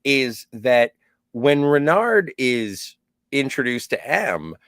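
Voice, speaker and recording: A man co-hosting a podcast, explaining a film's plot in a slow, emphatic, animated way. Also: medium pitch, no room sound, clean studio sound. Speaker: podcast co-host. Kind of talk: casual film discussion.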